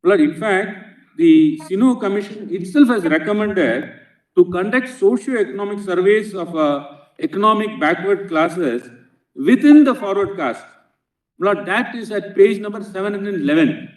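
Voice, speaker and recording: An advocate with an Indian English accent argues a case before the bench in a large courtroom, addressing the judges as "Lord" before almost every phrase. His voice is high and lively, at a normal pace. The distant mic picks up a lot of courtroom echo.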